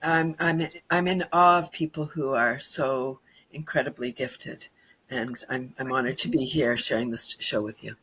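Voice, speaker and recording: A woman guest speaking admiringly, with halting, repeated restarts. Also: a bass voice, fairly bright tone, slightly rough, low-quality recording. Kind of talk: casual talk on an online show.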